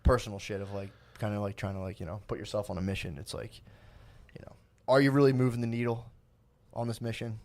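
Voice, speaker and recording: His voice is lowish, steady, and a little mellow, and he talks fairly quickly. As a podcast co-host in casual chat, he rambles, gets self-deprecating, and keeps restarting what he's saying.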